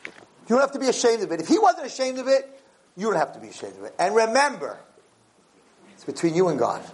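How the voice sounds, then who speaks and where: A man teaching students an informal Torah class, mixing English with Hebrew and Yiddish terms, and climbing high in pitch when he voices God's words. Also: very animated, fast, poor audio. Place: room with students.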